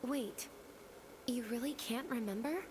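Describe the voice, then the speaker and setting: An actress playing a brisk, sensible teenage student council president who scolds matter-of-factly in a video game. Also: female voice, fairly high pitch, background noise, natural voice.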